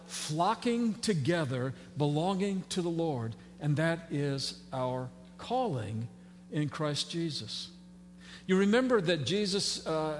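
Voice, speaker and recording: A man delivers a sermon in a relaxed, folksy way, full of fillers and teasing asides to the congregation. His voice sits fairly high for a man. The sound carries a long church reverb with a faint hum underneath. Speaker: pastor. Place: church sanctuary.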